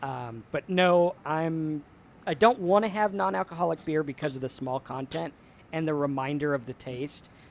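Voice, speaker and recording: Male host, slightly higher voice, reflective storyteller, casual talk. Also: moderate pace, creaky. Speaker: show host.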